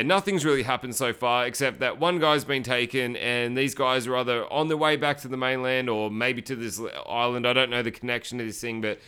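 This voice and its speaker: A man's voice: medium pitch, sharp tone, clean tone. A man hosting a casual movie podcast, rambling through a chatty recap with lots of fillers. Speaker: podcast host.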